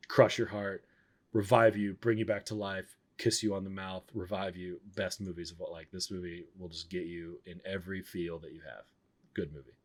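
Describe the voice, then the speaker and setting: A man streaming and chatting casually, rambling and blunt, often cutting himself off mid-sentence. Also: lowish voice. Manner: blunt, rambling, self-interrupting. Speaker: streamer reviewing films. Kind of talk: casual chat.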